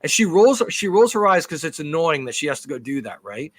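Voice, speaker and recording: Animated, swearing podcast co-host man. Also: fairly high pitch, a little fast. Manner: animated storyteller, swears freely. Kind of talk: casual chat.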